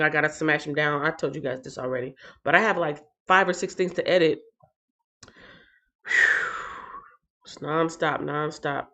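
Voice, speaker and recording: Chatty woman with a low-set voice, lo-fi stream audio. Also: fairly bright tone. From northern United States. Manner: chatty, laughs often, talks straight to viewers. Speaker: live-stream Bible reading host. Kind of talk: casual live-stream chat and Bible reading. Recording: slightly dull lo-fi stream audio.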